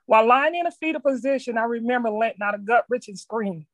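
A middle-aged woman with a fairly high voice reads her own written reflection aloud, earnest and measured. She stumbles over a word now and then. The sound is dry and close, with almost no room in it. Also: fairly bright tone, no room sound. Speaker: speaker sharing her story. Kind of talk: reading a personal reflection aloud.

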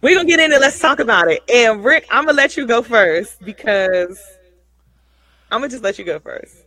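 A woman's voice: a little high, lively intonation, a little fast, bright, forceful tone, dry recording, rough recording. A woman hosting a casual livestream show, chatty and folksy, often repeating herself.

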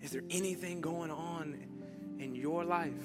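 A male preacher with a high, bright-toned voice tells a story from the pulpit. He swings from loud, excited bursts down to near-whispered lines. Music plays clearly underneath. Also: unhurried. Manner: dynamic, swings from loud to hushed. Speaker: pastor. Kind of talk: sermon. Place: church.

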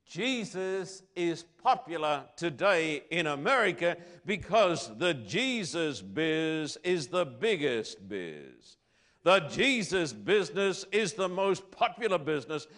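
A middle-aged man preaching a sermon, emphatic, asking rhetorical questions and swinging between loud declarations and quiet lines. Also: high voice.

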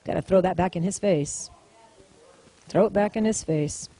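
A woman's voice: fairly low pitch, moderate pace, warm tone, low-quality recording. A woman preaching a sermon to a congregation, emphatic and repetitive, calling out to the room and getting them to repeat lines. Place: church service, in front of a congregation.

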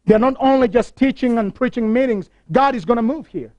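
A man's voice: very high-pitched, fairly quick, a little mellow, dry recording, dull audio. A man preaching a broadcast sermon, telling stories with passion and repeating key phrases. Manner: impassioned storytelling with repeated phrases.

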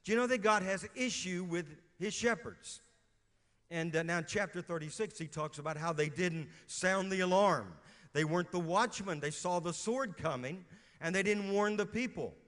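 A man's voice: sits high, normal speed, fairly bright tone. A middle-aged pastor from Louisiana preaching a sermon and quizzing his congregation as he reads scripture. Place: church sanctuary. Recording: reverberant church hall.

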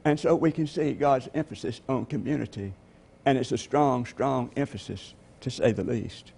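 A man's voice: medium pitch, moderate pace, creaky, darkish tone, breathy edge. A man preaching a sermon as pastor, telling stories and asking the congregation rhetorical questions.

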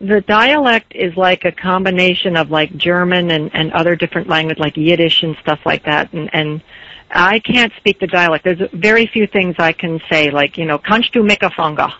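A woman storyteller with a faint Pennsylvania Dutch tinge, chatting in an interview and telling anecdotes in a lively way. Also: fairly low pitch, dry recording. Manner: lively, anecdotal, quick asides. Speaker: storyteller, guest. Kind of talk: casual interview chat. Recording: dull lo-fi dry recording.

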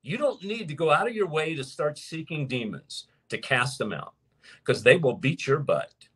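A man preaching and teaching to his viewers as host of his show, emphatic, slowing down to stress points. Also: on the high side, breathy edge. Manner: animated and emphatic, slows down to stress key points. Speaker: preacher hosting a live show. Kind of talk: sermon-style teaching to a live audience.

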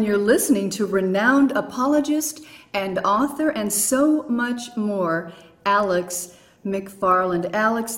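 A woman hosting a radio interview, affirming her guest in a slow, measured way. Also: mid-range voice. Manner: slow, affirming, with soft laughs and praise.

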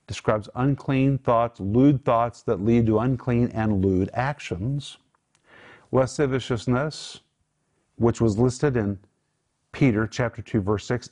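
A man's voice: mid-range voice, a little mellow. A man teaching from the Bible on a Christian talk show, earnest and emphatic, praying aloud for viewers.

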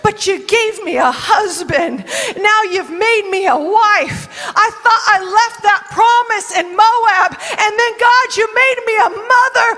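A woman's voice: very high voice, takes it slowly, bright, forceful tone, pitched above the performer's own voice, heavily acted. A woman preacher voicing a grateful young foreign widow who pours out an emotional, exclaiming prayer to God. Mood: overjoyed, tearful. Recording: long reverb in a large hall.

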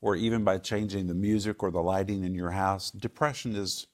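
A man with a very low, deep voice answers viewer questions on a talk show. He explains in a calm, assured, teacherly way, unhurried and firm. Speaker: Bible teacher.

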